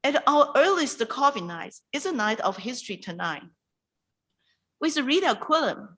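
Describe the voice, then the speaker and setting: A woman hosting a virtual reading night, introducing a poet in an emotional, halting way over a video call. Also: fairly high pitch, a bit bright, poor audio. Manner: emotional, halting, with restarts and pauses. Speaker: event host introducing a poet.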